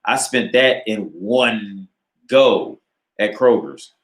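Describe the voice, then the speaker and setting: Taking his time in a roomy space, a low-voiced American man hosts a dating advice livestream. He reads viewers' questions aloud and answers in a loose, profane, filler-heavy style.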